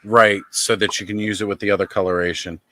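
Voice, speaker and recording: A man hosting a casual livestream, his voice a little low and recorded close and dry with no room sound. He talks in a relaxed, rambling way, thinking aloud as he goes. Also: fast talker, dry recording. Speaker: livestream host. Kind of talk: casual toy-collector chat.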